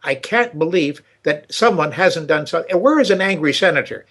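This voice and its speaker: An older man hosting a podcast, talking casually and telling a joke with halting repetitions. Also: on the high side, expressive, a bit bright. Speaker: show host.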